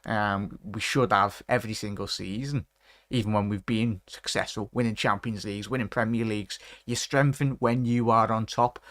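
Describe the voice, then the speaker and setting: A man hosting a casual live fan stream, rambling, giving shout-outs to viewers and ranting in frustration. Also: medium pitch, no room sound, studio quality. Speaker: host of a fan watchalong stream.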